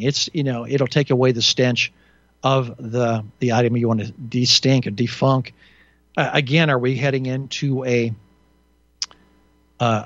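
A man hosts a talk radio show on his own, voice at a middling pitch, sounding indignant and sarcastic as he rambles from one complaint to the next. The sound is dry and a little dull, with no room around it. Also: no room sound. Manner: rambling, indignant and sarcastic, with frequent restarts and fillers. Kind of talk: solo radio commentary.

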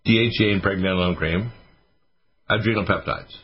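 A man's voice: sits low, moderate pace. A man, a doctor and regular host, answering listener questions on a call-in radio show, rambling through long lists with many fillers. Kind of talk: casual radio call-in advice. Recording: dull lo-fi radio audio.

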